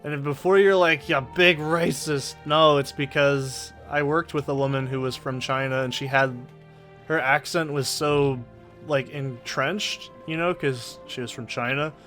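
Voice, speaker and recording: A man's voice: medium pitch, steady tone, unhurried, fairly bright tone, faint music behind. A man with a Southern Oregon accent rambling casually and swearing freely while narrating his gameplay, recorded on a desk mic in a soundproofed home corner. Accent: Southern Oregon, Pacific Northwest. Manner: rambling, profane, opinionated. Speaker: let's play host. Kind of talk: casual gaming commentary. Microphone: desk condenser mic with pop filter.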